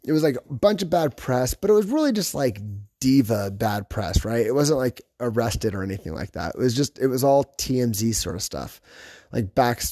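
A man's voice: medium pitch, lively intonation, normal speed, mellow, dry recording, studio quality. A man hosting a podcast, chatting casually in a rambling, self-correcting way. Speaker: podcast host. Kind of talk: casual chat about fantasy football.

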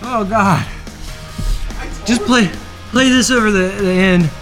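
A man's voice: sits high, slow, a bit bright, soft background music. A podcast host man, teary and sniffling, groaning and laughing through a hot wing challenge in casual chat. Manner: groaning and laughing, overwhelmed by heat.

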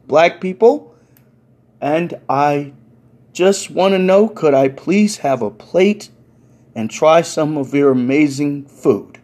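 A man voicing a polite, wide-eyed young man from out of town, eager and careful with a husky voice. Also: fairly high pitch, darkish tone.

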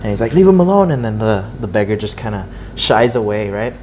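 A young man casually telling a story, animated and swearing freely, acting out the people in it. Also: fairly low pitch, fairly quick, a little hiss or hum. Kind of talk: casual chat.

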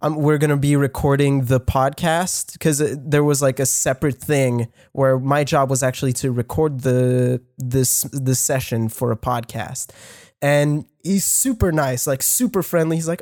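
A young man, a podcast co-host and audio engineer, telling a long story in casual chat, animated and profane with lots of fillers and restarts. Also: medium pitch, moderate pace, no echo, studio quality.

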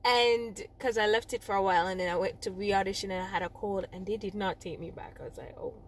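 A young Jamaican woman with a Jamaican accent tells a personal story at a quick pace in a medium-pitched voice. She rambles animatedly, often correcting herself and laughing at herself.

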